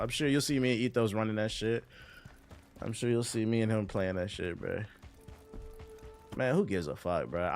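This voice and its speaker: A man streaming a game live, shouting with excitement, swearing and talking to his chat. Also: on the low side.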